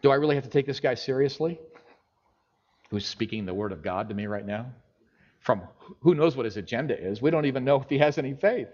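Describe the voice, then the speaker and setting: Brisk and mid-range in pitch, this middle-aged preacher tells a sermon story with lively energy, voicing the characters he quotes. Audio is dull, lo-fi quality.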